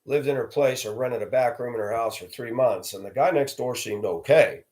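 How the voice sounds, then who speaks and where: A man's voice: medium pitch, normal speed. Man telling stories, acting out voices. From from Denver area. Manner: acts out quoted voices, rising loud for confrontations. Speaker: vlogger telling personal stories. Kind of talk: casual storytelling monologue.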